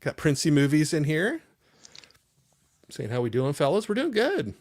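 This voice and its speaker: A man's voice: on the high side, wildly swooping pitch, normal speed, a little mellow, no room sound, studio quality. A man hosting a casual livestream chat, rambling, laughing often and reading viewers' chat messages aloud. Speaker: host.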